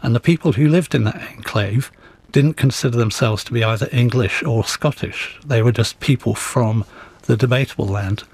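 A man, an author and guest, telling stories in an interview in a measured, thoughtful, gently wry way. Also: medium pitch, dry recording. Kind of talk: interview storytelling.

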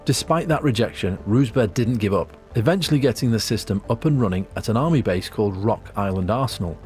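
A man delivering measured, scripted documentary narration in a storytelling manner. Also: on the low side, animated, darkish tone, faint music behind.

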